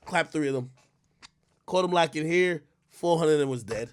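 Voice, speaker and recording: A young man from Jamaica, speaking, rants on his livestream. His voice sits a little high, and he swings between loud, animated outbursts full of swearing and quieter, muttered asides. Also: moderate pace, clear, resonant tone. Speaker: streamer. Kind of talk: ranting livestream commentary.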